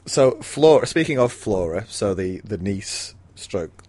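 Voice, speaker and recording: A man's voice: lowish voice, animated, unhurried, a little mellow, no echo. Man recapping a mystery plot. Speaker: podcast co-host. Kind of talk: casual book discussion.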